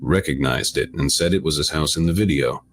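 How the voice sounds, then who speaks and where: A man reading a scripted true-crime narration in a flat, even retelling. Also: extremely low pitch, a little fast, background noise. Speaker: video narrator.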